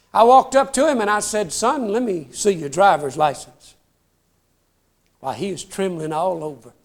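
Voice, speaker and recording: Brief: high-pitched folksy trooper-storyteller, animated, talks to the crowd. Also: male voice. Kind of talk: comic storytelling before a live audience.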